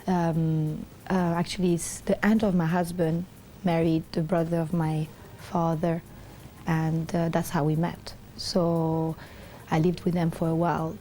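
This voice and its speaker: A woman's voice: lowish voice, a little hiss or hum. A middle-aged woman, an interview guest, telling a personal story in a rambling way with many fillers, acting out the voices of the people in it. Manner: animated, acts out the voices of others.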